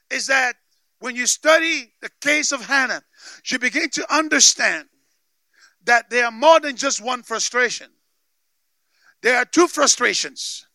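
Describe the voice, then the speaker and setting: High, gravelly-voiced preacher man. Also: animated, measured pace, long pauses, no echo. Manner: emphatic call-and-response preaching; frequent shouted emphasis. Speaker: pastor. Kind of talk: sermon.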